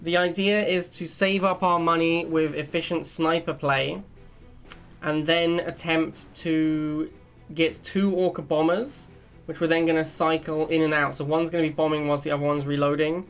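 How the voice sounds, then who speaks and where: A man's voice: on the high side, level tone, normal speed, clean tone, soft background music. A young man casually commentating a strategy game match, chatty and laughing at his own jokes. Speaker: gaming channel host. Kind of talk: live gameplay commentary.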